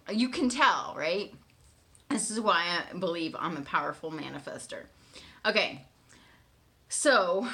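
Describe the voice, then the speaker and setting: Woman talking slow to her partner, bright tense voice, candid, swears a lot. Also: medium pitch. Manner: candid and animated, swears freely, keeps asking "right?". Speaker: manifestation coach. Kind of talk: casual storytelling addressed to her partner.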